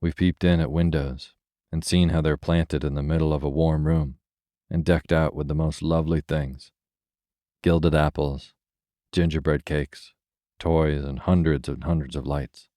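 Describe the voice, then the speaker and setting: A man's voice: rumbling low, steady tone, unhurried, warm tone, no room sound, clean studio sound. A man voicing a flock of chattering gray sparrows in a bedtime story, eager to show what they know.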